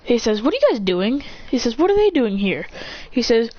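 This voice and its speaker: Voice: mid-range voice, lively intonation, fairly quick. A casual storyteller who rambles through a fan story, often restarting sentences and acting out the characters' lines. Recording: dull lo-fi recording with faint hiss.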